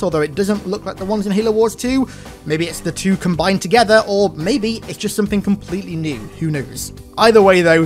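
A young man hosting a casual gaming news video, talking in an excitable, chatty way with lots of "like" fillers. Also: sits high.

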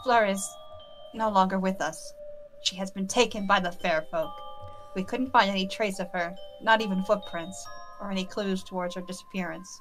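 Brief: woman voicing a stern, formal hunter who leads a trial in a visual novel, mid-pitched. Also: faint music behind, lightly acted. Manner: formal, measured, authoritative. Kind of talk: reading game dialogue aloud.

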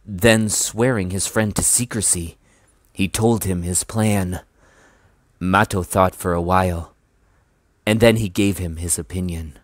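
A man reading a children's novel aloud in a measured, even way. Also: low voice, dry recording, clean studio sound. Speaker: storybook reader.

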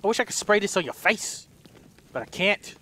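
A man commentating a let's play in a loud, excitable way, shouting and swearing at the game. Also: high voice, normal speed. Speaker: gamer. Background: game music.

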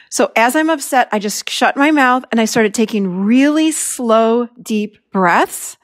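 Animated woman, dry close sound. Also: on the high side, measured pace, few pauses, no room sound. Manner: animated, acts out her own past lines. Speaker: podcast host and therapist. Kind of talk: personal story told as a lesson.

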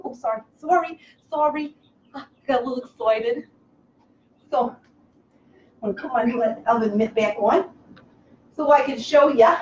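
A woman hosting a comic live cooking show from a kitchen, over-the-top excitable, breaking into squeals and gushing. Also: fairly high pitch, measured pace. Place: home kitchen. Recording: echoey kitchen, slightly dull, faint hiss.

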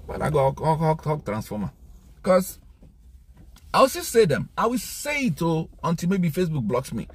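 A Nigerian-accented man holds forth in a fired-up monologue, swinging widely in pitch as he climbs into indignant outbursts. His voice is husky and worn, like a voice being used up. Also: big pitch swings, moderate pace. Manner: emphatic, rising to indignant outbursts. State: losing his voice. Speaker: commentator. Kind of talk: impassioned monologue.

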